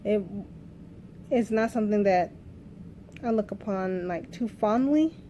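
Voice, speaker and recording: A woman's voice: mid-range voice, a little slow, warm tone, a little hiss or hum. A woman in her thirties telling her own birth story in a candid, emotional vlog, rambling with restarts. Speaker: vlogger.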